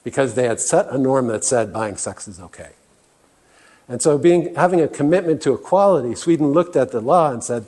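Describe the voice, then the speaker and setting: Earnest man with a mellow voice. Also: mid-range voice, animated, a little fast. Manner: earnest, with fillers and restarts. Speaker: guest speaker. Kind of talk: presentation talk. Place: meeting room.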